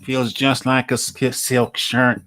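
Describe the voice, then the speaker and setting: A boastful rich fighter who was too busy to train, as a podcast host puts him on. He drags his words slowly and keeps leaning on "bro". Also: mid-range voice, flat delivery, a bit bright. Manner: bragging, drawn-out "bro". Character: boastful rich boxer, man, young adult, lazy.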